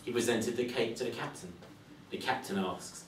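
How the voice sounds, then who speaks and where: A man narrates a folk tale in an animated, playful way as part of a storytelling speech to a club. His voice sits at an average pitch. It echoes around a meeting room, picked up from far away with faint background noise. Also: normal speed. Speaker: club speaker.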